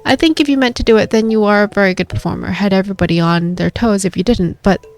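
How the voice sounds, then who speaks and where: A woman's voice: medium pitch, quick pace, faint music behind, close to an everyday voice. A woman voicing a wry adult male detective with a dry way of talking.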